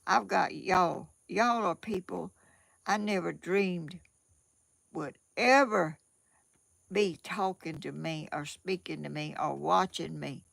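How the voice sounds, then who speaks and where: A woman's voice: lowish voice, slow pace, gravelly, fairly bright tone, no echo. An older woman from Georgia with a Southern accent, rambling in a casual home vlog and often repeating herself. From Georgia, USA. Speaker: vlogger.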